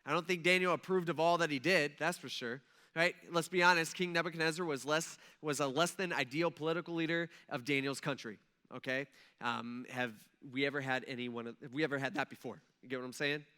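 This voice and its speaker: Man, pastor, casual animated sermon, church, high voice, tense bright tone. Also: a little fast, clear, resonant tone. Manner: animated, acts out quoted voices, frequent "okay?" and "right?". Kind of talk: conversational sermon. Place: church sanctuary.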